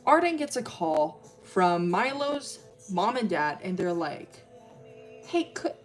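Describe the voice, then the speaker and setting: A woman's voice: lowish voice, sing-song, slow, faint music behind. A young woman streamer casually telling a story, rambling with lots of fillers, swearing and laughing often. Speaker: streamer telling character lore.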